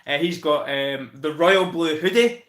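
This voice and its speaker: A Scottish man hosts a casual football review live stream, chatting with viewers, thanking them by name and calling them mate. His voice is on the high side, unhurried and a bit bright, in an echoey room.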